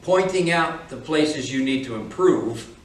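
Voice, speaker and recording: A man's voice: on the high side, animated, unhurried. A man instructing flight students in a classroom, speaking in a firm, direct, lecturing manner. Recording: echoey room, from far off.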